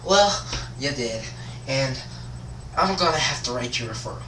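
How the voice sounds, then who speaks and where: A young man voicing a stern male school co-advisor in a calm, formal way, close to his own voice. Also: mid-range voice, normal speed, reverberant, far from the mic, slight background noise, low-quality recording. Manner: calm, formal, matter-of-fact.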